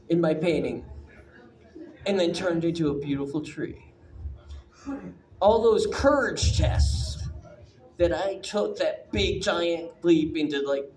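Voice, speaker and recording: A man telling a personal story to a live audience, animated and profane, stumbling through frequent restarts. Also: a little high. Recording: echoey room with audience noise.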